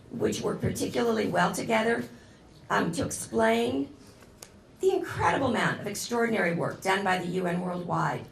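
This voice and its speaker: A woman guest lecturer giving a lively, chatty classroom talk, turning to the audience often. Her mid-pitched voice has a gravelly edge. She is recorded from a distance in a roomy, echoing hall, with a faint hum of ambience behind her. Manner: enthusiastic, digressive, addresses audience directly. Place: lecture room. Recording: echoey room recording from a distance.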